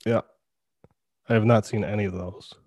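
A man's voice: on the low side, fairly even intonation, normal speed, a little mellow, no echo. A man co-hosting a podcast, talking casually about films in rambling sentences full of "like", with frequent laughs. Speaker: podcast co-host. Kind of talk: casual movie chat.

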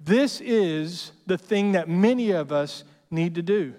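Guy pastor preaching, kinda high voice, chatty and jokey, big echoey church sound. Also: animated, slow, a little mellow. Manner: conversational and joking, peppered with "right?". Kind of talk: sermon. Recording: long hall reverb.

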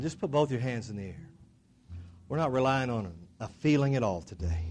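A man preaching a sermon, building to shouted declarations and leading the congregation in call-and-response, then dropping into soft prayer. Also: fairly high pitch, normal speed. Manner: drops into soft, quiet prayer. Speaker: pastor.

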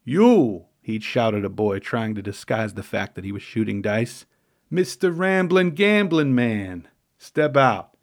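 A man voicing a gruff middle-aged male lunchroom proctor, barking orders loudly in a New York accent. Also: fairly low pitch, unhurried, natural voice. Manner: barking, loud, punchy emphasis.

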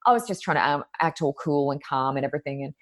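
A woman talks in a notably low voice. She speaks as a guest medium on a podcast. Her storytelling is chatty and rambling, loose with ums and likes. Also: lively intonation, quick pace. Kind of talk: conversational storytelling.

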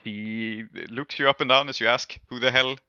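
A man's voice: mid-range voice, steady tone, moderate pace, sharp tone, clear, resonant tone, no room sound. A man narrating a tabletop game as game master, in a casual, hesitant way with many fillers. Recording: dull, lo-fi and dry.

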